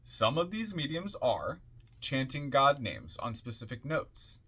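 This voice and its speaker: A man reading passages from an occult book aloud in a measured, deliberate way, with offhand asides in between. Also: medium pitch, big pitch swings, sharp tone, slightly rough.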